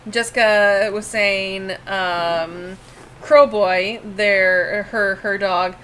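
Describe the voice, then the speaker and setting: A woman from the Pacific Northwest with a creaky voice, chatting casually and reading chat aloud while drawing on a stream. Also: mid-range voice, fairly even intonation, drawn-out words, fairly bright tone, a little hiss or hum, poor audio. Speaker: art stream co-host.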